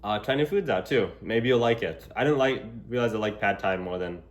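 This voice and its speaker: A man's voice: lowish voice, brisk. A young man talking casually to a handheld camera while walking in public, rambling with lots of fillers. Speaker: vlogger. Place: outdoors in public. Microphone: gimbal camera held while walking.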